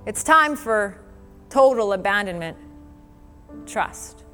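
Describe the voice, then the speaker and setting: A woman's voice: fairly high pitch, lively intonation, measured pace, a bit bright. A woman preacher delivering an earnest, conversational sermon, laughing now and then and quoting scripture. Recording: long hall reverb with faint music.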